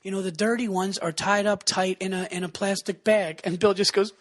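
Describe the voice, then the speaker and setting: A man in his forties joins a podcast as a comedian guest and tells stories excitedly. He jumps into higher voices when he acts out what he said. For a man, his voice sits high. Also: moderate pace, hardly any pauses. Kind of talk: casual comedic chat.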